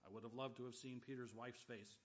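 A man's voice: medium pitch, fairly even intonation, quick pace. Man, pastor, sermon, emphatic bursts, wry asides, dull lo-fi recording.

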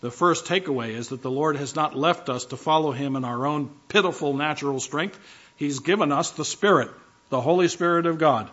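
A man's voice: fairly high pitch, a little fast, fairly bright tone, dull audio. A man preaching a sermon as pastor, emphatic, driving home key phrases by repeating them.

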